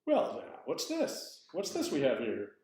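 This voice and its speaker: A man's voice: a little high, huge pitch swings, very slow, warm tone, voice pushed up, exaggerated voice. A man voicing an old male Zen master who fires off abrupt, probing exclamations. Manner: sudden quizzical exclamation, sometimes whispered. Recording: roomy echo.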